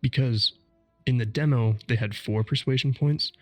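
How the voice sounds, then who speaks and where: A man's voice: mid-range voice, moderate pace, no echo, faint music behind. A man co-hosting a podcast, explaining game mechanics step by step in casual chat. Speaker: podcast co-host.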